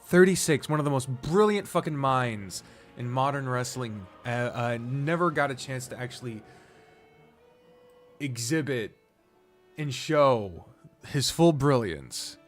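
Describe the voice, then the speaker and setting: A man's voice: medium pitch, animated, unhurried, faint music behind. A man streaming a strategy game, chatting casually, swearing freely and rambling from topic to topic. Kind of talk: casual live-stream commentary while gaming.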